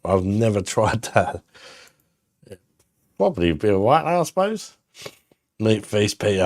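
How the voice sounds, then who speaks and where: Man, 30s, casual live-stream chat, blunt and sweary, very deep voice, dry close sound. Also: very animated, measured pace, long pauses, darkish tone, no room sound. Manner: blunt, sweary and laughing, reads chat aloud. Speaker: beer reviewer hosting a live stream.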